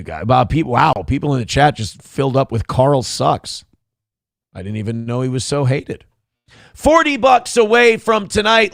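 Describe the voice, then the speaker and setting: A man's voice: a little high, vocal fry, fairly bright tone, no room sound, clean studio sound. A man hosting a live stream, ranting profanely and sarcastically while reading the chat. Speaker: live show host.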